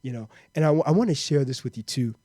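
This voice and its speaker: A man's voice: mid-range voice, expressive, fast, dark tone, no echo, studio quality. A man hosting his own podcast, talking earnestly and often repeating words as he goes. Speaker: podcast host. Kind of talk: casual monologue.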